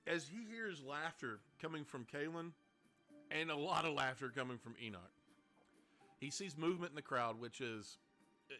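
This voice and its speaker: A man's voice: fairly high pitch, normal speed, pauses often, sharp tone, faint music behind. A man narrating as game master of a tabletop game, rambling and correcting himself.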